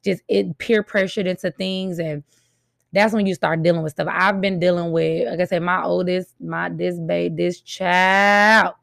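Frank mother venting, low gravelly voice. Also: fairly even intonation, a little slow, fairly bright tone, no echo, studio quality. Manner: frank, emphatic, repeats points for stress. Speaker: mother and vlogger. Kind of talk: casual venting monologue to viewers.

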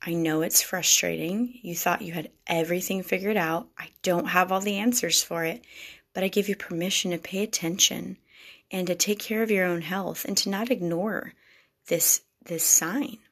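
Woman vlogger, lowish voice with vocal fry; earnest, confessional personal storytelling. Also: fairly even intonation, normal speed, a bit bright. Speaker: vlogger speaking to wives.

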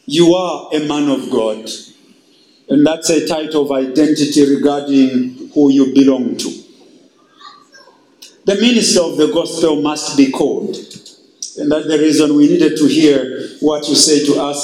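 A male pastor preaching a sermon, slow and emphatic, with dramatic pauses. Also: on the high side, darkish tone, echoey room, a little hiss or hum, rough recording.

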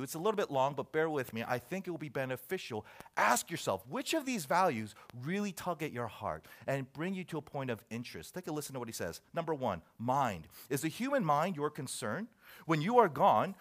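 Lively, animated male preacher. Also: fairly high pitch. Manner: animated and joking, reading a list aloud. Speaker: pastor. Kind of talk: sermon.

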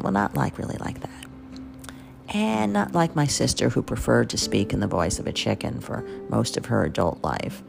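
A New York woman tells chatty, rambling stories on her podcast, her voice gravelly with plenty of fry. Her pitch swings up and down lively, and a music bed plays beneath her. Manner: chatty, rambling, self-deprecating. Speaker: podcast host and caterer. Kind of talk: casual storytelling monologue.

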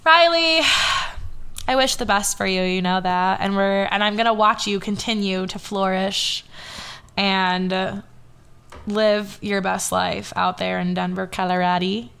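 Bright, clear-voiced young woman host. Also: medium pitch, a little slow. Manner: chatty, swearing, lots of "like" fillers. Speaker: podcast host. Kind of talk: casual podcast chat.

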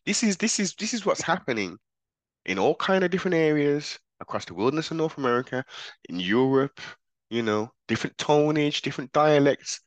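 A man's voice: fairly high pitch, lively intonation, brisk, dry recording. A man giving casual reaction commentary, talking in an emphatic, slangy way and often repeating himself. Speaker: commentator reacting to police footage.

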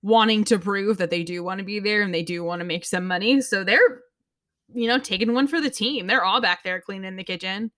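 A woman in her twenties chatting casually as a podcast co-host, expressive and quick to laugh. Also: mid-range voice, dry recording, clean studio sound. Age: 20s. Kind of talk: casual chat.

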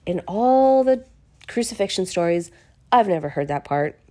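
A woman casually retelling a Bible chapter in her own words, expressive and chatty, often restarting her sentences. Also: medium pitch, normal speed. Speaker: podcast host reading the Bible.

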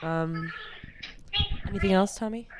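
A woman's voice: on the low side, a little slow, crowd noise. A young woman in her late teens, co-hosting a student podcast in casual chat. She talks loosely, filling with "like" and "um". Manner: chatty, leans on "like" and "um".

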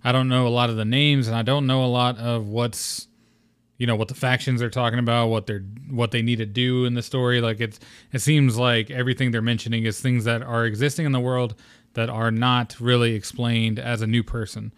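A man's voice: medium pitch, flat delivery, brisk, clean tone, no room sound. A young man hosting his own gaming podcast solo, talking in a rambling, laid-back way and swearing casually. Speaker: podcast host.

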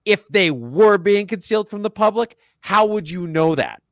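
A man's voice: high voice, expressive, normal speed, fairly bright tone, dry recording, studio quality. A man co-hosting a podcast in casual chat, sarcastic and joking as he mocks what he reads. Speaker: podcast co-host.

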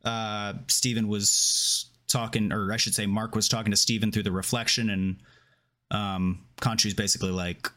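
A man co-hosting a podcast, recapping and discussing a TV episode in relaxed, rambling chat full of fillers. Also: fairly low pitch, normal speed. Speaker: podcast co-host. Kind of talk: casual chat breaking down a TV episode.

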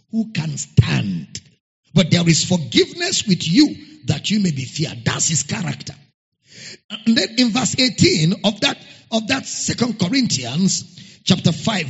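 A male pastor preaches in a high, animated voice that is gravelly and husky. He speaks slowly and repeats his points for emphasis. The sound is dull and lo-fi, with a long reverb from a large church hall. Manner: reads scripture aloud in King James wording. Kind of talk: sermon.

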